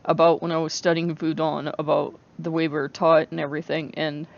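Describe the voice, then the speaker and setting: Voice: medium pitch, flat delivery, a little fast, creaky, lo-fi sound. A person, talking casually to camera as a book vlogger: rambling, self-interrupting, candid and emotional, laughing often. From United States.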